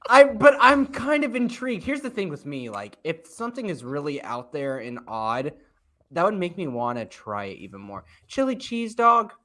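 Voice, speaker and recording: A man's voice: fairly high pitch, big pitch swings, moderate pace, sharp tone. A man co-hosting a podcast, giving blunt, mocking opinions in a casual food-ranking chat. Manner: emphatic, dismissive, mocking. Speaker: podcast co-host.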